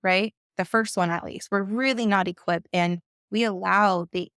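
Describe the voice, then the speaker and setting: A woman coach and mother giving conversational advice, emphatic and quick to act out the voices she quotes. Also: mid-range voice, fairly even intonation, fairly bright tone, clean tone, dry recording, studio quality.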